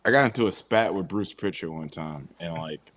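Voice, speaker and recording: A man's voice: deep voice, brisk, a bit bright. A man talking as a wrestler guest in a casual interview, laid-back and slangy, calling the host "bro".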